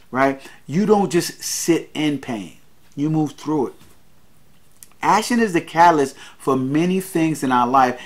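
A man hosting a podcast, giving an earnest motivational monologue, repeating his key lines and calling his listeners guys. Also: fairly high pitch. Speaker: podcast host.

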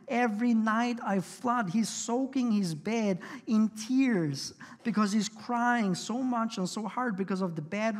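A man's voice: high-pitched, long reverb tail. A pastor delivering a sermon in an earnest, conversational way, often restarting his sentences. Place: church sanctuary.

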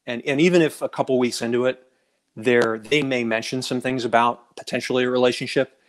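A man's voice: medium pitch, fairly even intonation, fairly quick. Thoughtful man in a casual chat. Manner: thoughtful, hesitant with restarts. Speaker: guest on a dating advice show. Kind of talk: casual chat, personal anecdotes.

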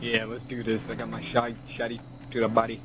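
A man's voice: medium pitch, monotone, a little fast, noisy background. A young man gaming with a friend, trading casual, teasing trash talk. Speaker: gamer. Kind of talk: casual gameplay banter.

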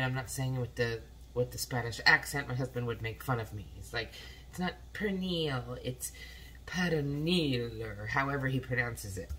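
A tired woman just out of bed, a cooking vlogger, rambles casually while hurrying around her home kitchen. Her voice is low-pitched and a bit bright. The recording is low quality, with a coffee machine hissing faintly in the background.

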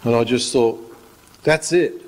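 A male pastor with a medium-pitched voice and a measured pace delivers an informal sermon in a church hall. He rambles and tells joking stories, and the recording carries the hall's echo.

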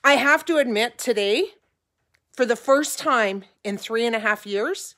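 A woman's voice: fairly high pitch, expressive, takes it slowly, fairly bright tone. A middle-aged woman talking casually to her vlog viewers from her kitchen, rambling and a little teary. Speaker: vlogger, ranch owner. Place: home kitchen.

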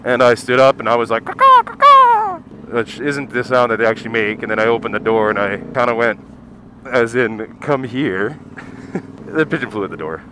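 A man's voice: mid-range voice, a little fast. A man doing casual, profane, jokey commentary while riding a motorcycle through city streets, recorded on a helmet headset mic. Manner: profane, jokey ranting at traffic. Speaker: motovlogger. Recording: loud road and wind noise.

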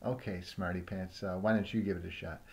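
A man playing the patient, deadpan straight man in a comedy sketch. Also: deep voice, fairly quick, creaky.

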